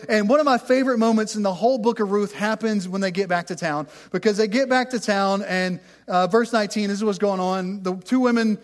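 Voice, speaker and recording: Middle-aged male pastor, high-pitched, conversational and self-deprecating preaching. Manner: conversational, self-deprecating, stumbles and repeats words. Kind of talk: sermon.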